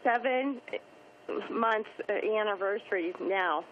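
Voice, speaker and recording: A woman's voice: medium pitch, a crowd in the background. Hesitant woman caller on a muffled line. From Pittsburgh area, US. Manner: hesitant, emotional, short halting replies. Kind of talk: phone call-in conversation. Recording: dull muffled phone-in line.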